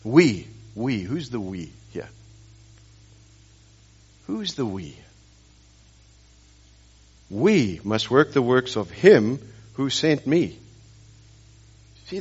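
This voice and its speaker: A man's voice: medium pitch, husky, muffled recording. A man preaching a sermon as pastor, telling stories and pressing the congregation with rhetorical questions and emphatic repetition.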